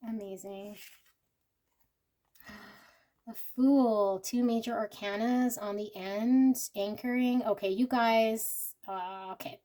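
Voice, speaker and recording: A woman reading tarot cards for her viewers, earnest and emotional, speaking straight to them. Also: medium pitch. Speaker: tarot reader. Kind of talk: intuitive pick-a-card tarot reading.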